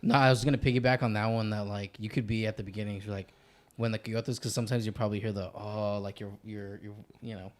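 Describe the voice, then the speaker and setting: A man, a fellow comedian, pitching joke ideas in a loose, casual way, full of fillers. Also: level tone, fast.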